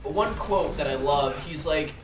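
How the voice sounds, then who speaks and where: A man's voice: fairly high pitch, moderate pace. A man hosting a gaming channel, chatting casually while he plays and rambling with lots of fillers and restarts. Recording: roomy echo, distant mic.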